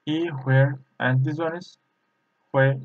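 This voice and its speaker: A man with a Turkish accent, a native Turkish speaker, teaching a lesson in a halting way, pausing often and repeating practice syllables. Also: medium pitch, a little hiss or hum. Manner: halting, with frequent filler pauses and repeated drill syllables. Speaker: language teacher. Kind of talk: explaining a lesson. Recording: tinny, phone-like lo-fi sound.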